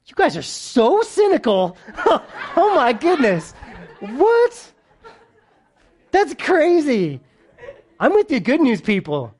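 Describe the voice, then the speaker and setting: A male pastor with a high, bright voice that climbs sharply when he gets excited. He teaches verse by verse before a live audience, joking and bantering with his listeners. His volume swings between loud bursts and soft, quiet asides. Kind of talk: sermon, verse-by-verse Bible teaching.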